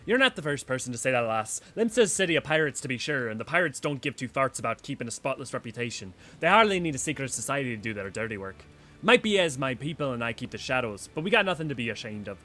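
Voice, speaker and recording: A man's voice: medium pitch, big pitch swings, quick pace, pushed and bright. A man voicing a swaggering male pirate rogue leader in a put-on accent, boisterous and bawdy.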